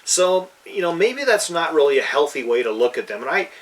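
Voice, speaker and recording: A man's voice: a little high, very animated, fairly quick, far from the mic, rough recording. Rambling man, somewhat off-mic. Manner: rambling, many fillers and restarts. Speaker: podcast co-host. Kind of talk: casual chat about fantasy games.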